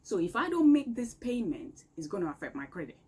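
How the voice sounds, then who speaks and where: A woman's voice: medium pitch, sing-song, brisk, darkish tone, slightly rough, rough recording. A woman vlogging an emphatic, exasperated complaint from her home. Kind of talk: complaint rant to camera. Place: home room, indoors. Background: faint outdoor street noise.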